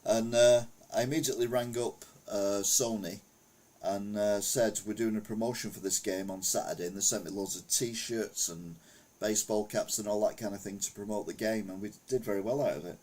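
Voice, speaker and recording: His voice is on the low side and darkish, with fairly even intonation and a moderate pace. A middle-aged man from England, he chats casually on a retro gaming stream, telling rambling old stories and reading chat aloud.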